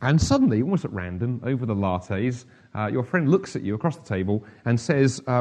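A man's voice: mid-range voice, sing-song, normal speed, darkish tone. Male preacher, conversational sermon. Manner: conversational, humorous, with asides.

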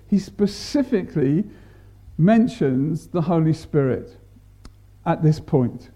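Guy giving a sermon, unhurried, warm dark tone, stresses words, restarts a lot. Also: fairly high pitch, expressive. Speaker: preacher.

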